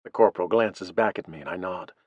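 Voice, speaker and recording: A man narrating a first-person audiobook in a steady, even reading voice. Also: low voice, a little fast, breathy edge, no room sound, highs cut off.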